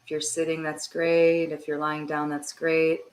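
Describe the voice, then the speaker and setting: A woman energy healer guiding a slow, soothing meditation in a hushed voice. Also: low voice, monotone. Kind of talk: guided meditation. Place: home, livestream.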